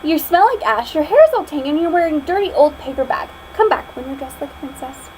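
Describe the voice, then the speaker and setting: A woman's voice: high voice, lively intonation, fast talker, darkish tone, a little hiss or hum, poor audio. A woman voicing a snobbish, fussy young prince in a read-aloud storybook, sneering with disdain. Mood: scornful.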